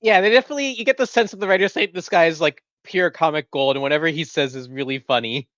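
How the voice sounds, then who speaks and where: A woman's voice: sits low, quick pace, dry recording, highs cut off. Podcast co-host, woman, sardonic and laughing, dry close sound. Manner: sardonic, laughs often, swears casually. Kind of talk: casual review chat.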